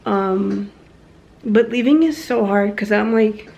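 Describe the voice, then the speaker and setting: Young woman, casual at-home vlogger talking to her phone, slow and unfiltered with plenty of fillers. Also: medium pitch, creaky, darkish tone. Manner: frank and unfiltered, swears casually; rambling with fillers and self-corrections. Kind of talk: candid personal vlog.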